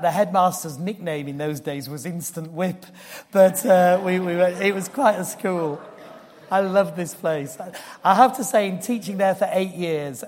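Earnest older preacher in a hall. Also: male voice, a little high. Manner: earnest, drops to a hushed tone for solemn parts. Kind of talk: sermon with personal story. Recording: long hall reverb.

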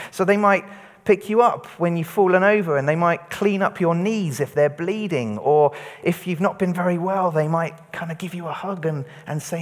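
A man with a high voice preaches an all-age talk in a church hall, his words carrying a big-room sound. He's lively and interactive, getting children and adults to call words back to him.

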